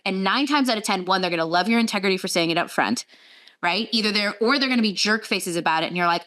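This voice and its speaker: A middle-aged woman giving an energetic talk as a guest speaker, acting out quoted conversations. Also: medium pitch, quick pace. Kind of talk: casual talk with stories.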